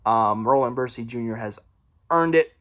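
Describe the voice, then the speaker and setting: A man's voice: mid-range voice, moderate pace, fairly bright tone. A man casually reviewing a horror book at home, rambling, correcting himself and laughing often. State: briefly out of breath. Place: room at home.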